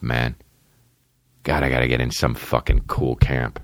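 A man in his thirties hosting a podcast from home, rambling in a casual, profane, animated way with lots of restarts. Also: extremely low pitch, measured pace, pauses often, no room sound, clean studio sound. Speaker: podcast host. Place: at home, dogs nearby. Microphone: podcast microphone.

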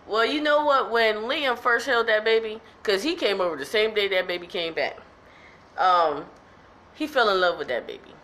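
Female podcast host, chatty and emphatic, middle pitch. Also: moderate pace, a bit bright. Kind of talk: casual chat recapping a soap opera.

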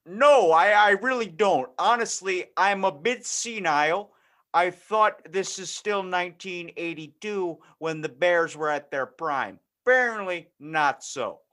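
A man's voice: high-pitched, a little slow, a bit bright. A man voicing a senile, tech-clueless old dad in an improvised comedy scene, bumbling and folksy. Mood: bumbling cheerful.

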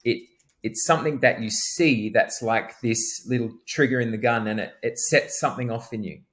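A man co-hosting a podcast, speaking reflectively with halting restarts and repeated phrases. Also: medium pitch, fairly bright tone. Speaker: podcast co-host. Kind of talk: casual podcast talk.

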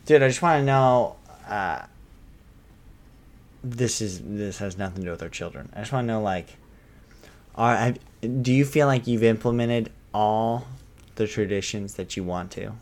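This is a man with a fairly low voice, chatting casually on a podcast. He is laid-back and encouraging, and drops in quick reactions. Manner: relaxed, encouraging, short interjections. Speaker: podcast co-host. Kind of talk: casual chat.

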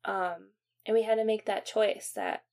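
A young woman recounts a painful family memory on her podcast. She speaks haltingly, with many fillers and restarts, and goes quiet and subdued at the hardest moments. Her pitch sits in a middle range. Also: big pitch swings. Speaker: podcast host. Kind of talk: personal storytelling.

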